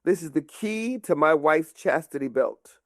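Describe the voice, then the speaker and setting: A comedian acting out a commanding medieval king in a told joke, with booming, theatrical proclamations. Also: animated, unhurried, dry recording, clean studio sound. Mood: regal.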